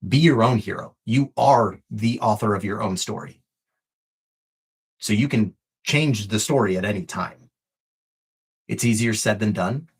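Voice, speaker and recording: A man's voice: fairly low pitch, unhurried, long pauses, slightly rough. A man coaching on a live stream, earnest and encouraging, repeating phrases for emphasis and swearing casually, emotional and close to tears. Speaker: fitness and life coach.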